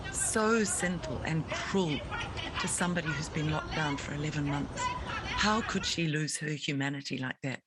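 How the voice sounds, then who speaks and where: A woman's voice: deep voice, a bit bright, breathy edge, poor audio. Kiwi lady interviewer, fired up and preachy, hammering her points home. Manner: indignant, rhetorical, emphatic. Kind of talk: impassioned advocacy interview.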